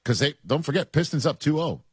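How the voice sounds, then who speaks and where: A man with a New York accent hosting sports talk radio, animated and emphatic, repeating his points. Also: a little high, quick pace, breathy edge, no echo, clean studio sound. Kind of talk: casual sports talk and live ad read.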